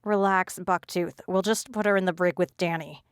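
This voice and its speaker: A woman's voice: lowish voice, fairly even intonation, moderate pace, smooth, no echo, clean studio sound, lightly acted. A woman doing a cold, bossy teen bully. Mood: sneering. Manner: sneering, commanding.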